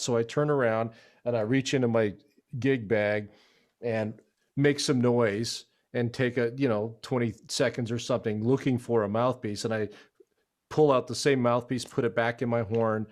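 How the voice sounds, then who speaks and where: A man's voice: medium pitch, steady tone, normal speed. A man co-hosting a casual chat, telling a studio story animatedly and laughing as he goes. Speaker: co-host, trumpeter.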